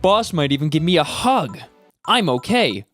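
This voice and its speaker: A man's voice: a little high, very animated, normal speed, a bit bright, faint music behind. A man voicing a weary female bartender who is guilty and bitter, reading her lines aloud with brooding self-reproach. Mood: nervous.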